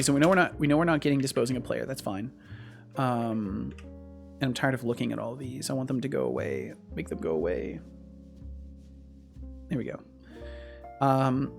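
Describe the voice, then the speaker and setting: A man's voice: medium pitch, gravelly. A man streaming live as he codes, thinking aloud and often repeating and restarting his phrases. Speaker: streamer and game developer.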